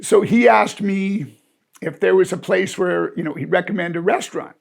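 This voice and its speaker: A man's voice: sits high, moderate pace, gravelly. A man in his sixties telling an amused, rambling personal anecdote in a chatty way. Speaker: storyteller. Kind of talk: casual anecdote.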